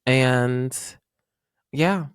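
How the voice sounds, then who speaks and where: A man's voice: mid-range voice, extremely slow, clean tone, no room sound, clean studio sound. A man, chatting emotionally and laughing as host of his solo podcast. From North Carolina. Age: 30s. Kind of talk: casual solo podcast chat.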